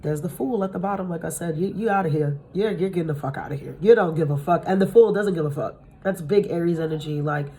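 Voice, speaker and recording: A woman's voice: fairly low pitch, quick pace, hardly any pauses, warm tone, slightly rough. A woman giving a casual tarot reading to her viewers from home, talking bluntly, swearing freely and laughing often. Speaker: tarot reader. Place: at home with pets nearby.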